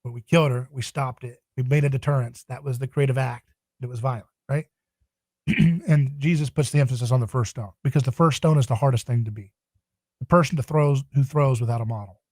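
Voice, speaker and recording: A man's voice: mid-range voice, a little fast, a little mellow, no echo. A man speaking as a podcast guest in a passionate, emphatic, preaching tone. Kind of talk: podcast interview.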